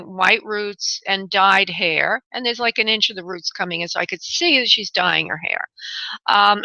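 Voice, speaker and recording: A woman hosting a call-in radio show as a spirit medium, giving gentle readings and calling the caller honey. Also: mid-range voice, gravelly, dry recording. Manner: soothing, calls caller honey and sweetheart. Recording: dull lo-fi call-in radio audio.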